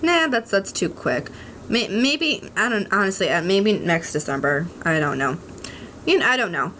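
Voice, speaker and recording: A young adult woman vlogs from home, speaking candidly to the camera in a rambling way full of ums, restarts and frank swearing. Her medium-pitched voice is very animated, bright and forceful at a normal speed. There's a little hiss or hum in the recording.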